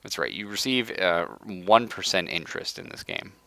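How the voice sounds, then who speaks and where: A young man live-streaming a strategy game, hoarse from being sick, ranting in casual chat and laughing often. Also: sits low, lively intonation, moderate pace, sharp tone, no room sound. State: hoarse from illness. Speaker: livestreamer.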